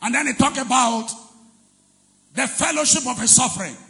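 A man preaching a sermon as pastor, leading the congregation in call-and-response and shouting and chanting his key phrases. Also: extremely high pitch, moderate pace, creaky, in a large hall. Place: large church hall.

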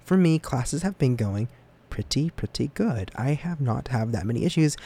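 A young man talks through a casual solo podcast episode in a loose, rambling way. He teases himself and often jumps up high in pitch, then drops back to his middle-range voice. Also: moderate pace, husky. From United States. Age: young adult. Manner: rambling and self-deprecating, with lively jumps in pitch. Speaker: student podcast host.

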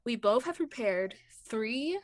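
A woman co-hosting a casual podcast, talking in a slightly high voice. She rambles with plenty of fillers, and the recording is close and dry with no room sound. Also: animated, slow pace, dry recording. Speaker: podcast co-host. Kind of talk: casual chat.

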